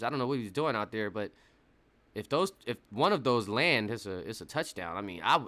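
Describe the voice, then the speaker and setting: A young man doing casual, laughing live commentary on a simulated football game, breaking into shouts at big plays. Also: medium pitch.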